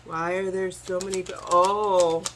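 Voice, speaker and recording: A woman doing a chatty, animated tarot reading to camera, talking straight to her viewers as y'all. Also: on the low side, measured pace, a little hiss or hum, rough recording. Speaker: tarot reader.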